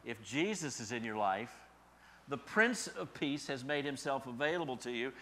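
Pastor, male, bright voice, sermon delivery that swells into emphatic repetitions and falls back quiet. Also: medium pitch, lively intonation, normal speed. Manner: builds to emphatic repeated phrases then drops soft.

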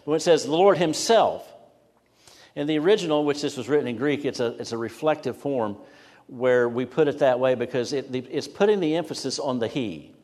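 Middle-aged pastor guy preaching a sermon, mid-pitched voice, long hall reverb. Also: darkish tone. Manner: expository preaching with rising emphasis and pauses.

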